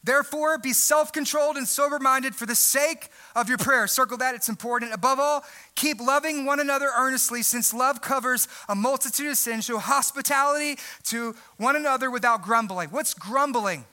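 A young adult man, a pastor, preaching a sermon in a loud, emphatic voice that breaks into shouting. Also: very high voice, moderate pace, few pauses.

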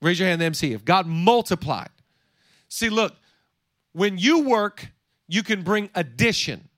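A man in his thirties preaching a sermon in a playful, energetic way, joking and acting out quotes from the story. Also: high voice, measured pace, no room sound, studio quality. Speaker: pastor. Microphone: seated on a stool.

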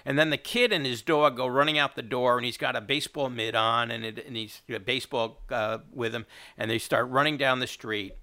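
A middle-aged man with a gravelly, fry-edged voice talks through a movie plot in casual conversation. His tone is bright and forceful, and he trails into false starts and repeated words as he hunts for details. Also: mid-range voice. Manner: rambling, halting retelling with many restarts. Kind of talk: casual chat recapping a movie.

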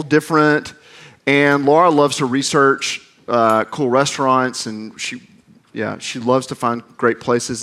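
A man's voice: medium pitch, fairly bright tone. A man in his forties from the American South, a campus minister preaching a conversational sermon with self-deprecating humor. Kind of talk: sermon with storytelling.

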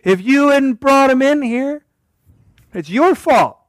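A shrill, self-pitying wife wails and points the finger, her voice pushed far up into a high register, as a preacher puts her on. She is melodramatic and whiny, playing the victim. The sound is close and dry. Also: animated, slow pace, dry recording, exaggerated voice. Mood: accusing.

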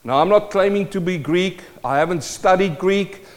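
A man preaching a sermon in a South African accent, swinging from loud declaiming to a hushed voice. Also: high-pitched, moderate pace. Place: church hall. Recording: long hall reverb.

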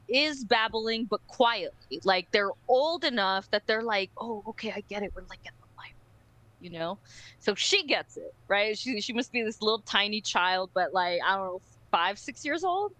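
A woman co-hosting a podcast, telling a story in a casual, animated and profane way and acting out other people's voices. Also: mid-range voice, dry recording, low-quality recording. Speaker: podcast co-host.

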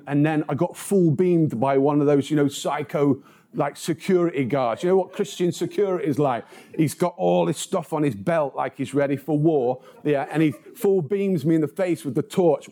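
A man preaching a sermon in a fairly high but mellow voice. He reads scripture slowly, then shifts into playful, self-mocking stories full of humor. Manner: humorous storytelling.

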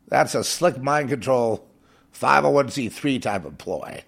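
A man's voice: mid-range voice, animated, unhurried, vocal fry, fairly bright tone. A man preaching on air in a fervent, scornful monologue, hammering points home by repeating phrases. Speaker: radio preacher.

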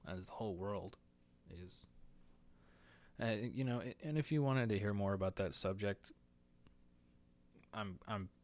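A young man hosting a solo podcast, rambling crude and profane, nervous and a bit short of breath, laughing at his own jokes. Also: deep voice. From United States. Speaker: podcast host. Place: indoors, talking alone into a mic.

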